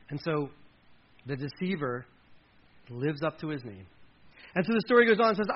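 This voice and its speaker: A male pastor gives a lively sermon, reading scripture with dramatic emphasis and adding his own side comments. His voice sits fairly high for a man, and the recording sounds dull and lo-fi. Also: normal speed, long pauses, a little hiss or hum. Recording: muffled lo-fi recording.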